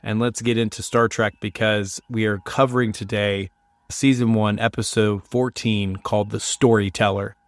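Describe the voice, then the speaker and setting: A man's voice: lowish voice, fairly even intonation, normal speed, no room sound. Man, podcast host, chatty, self-mocking, getting over a cold, dry close sound. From United States. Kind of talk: casual solo podcast talk.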